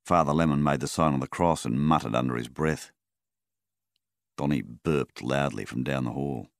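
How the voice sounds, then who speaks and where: A man reading a novel aloud as an audiobook narrator, measured and even. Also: a bass voice, gravelly, dry recording, clean studio sound. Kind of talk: scripted narration.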